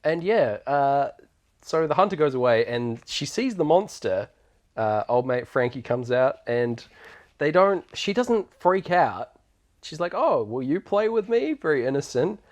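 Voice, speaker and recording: A relaxed man co-hosts a podcast, retelling a film's plot in loose, slangy chat. His voice rises and falls a lot, and he laughs easily as he talks. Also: medium pitch, a little slow. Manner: laid-back, slangy, laughs often. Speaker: podcast co-host. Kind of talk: casual chat recapping a film.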